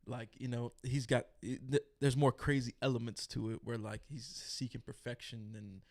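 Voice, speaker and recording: A man's voice: mid-range voice, flat delivery, normal speed. A man co-hosting a horror news podcast, chatting casually and colloquially with lots of fillers. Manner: laid-back, colloquial, trailing fillers. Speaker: podcast co-host.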